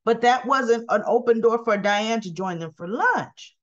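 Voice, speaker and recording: A woman's voice: fairly high pitch, unhurried, highs cut off. A woman casually retelling soap opera scenes and acting out the characters' lines. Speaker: soap opera recap host.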